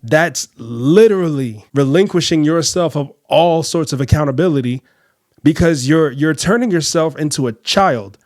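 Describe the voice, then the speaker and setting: A man's voice: a little high, lively intonation, moderate pace, darkish tone, no room sound, clean studio sound. A man hosting a podcast who comments on clips and speaks straight to viewers. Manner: direct, addresses viewers as fellas and ladies. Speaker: podcast host.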